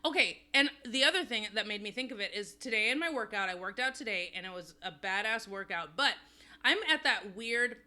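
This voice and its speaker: A woman's voice: mid-range voice, animated, brisk, bright, forceful tone. A woman co-hosting a podcast, chatting candidly and rambling in a self-deprecating way. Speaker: podcast co-host. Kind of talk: casual chat.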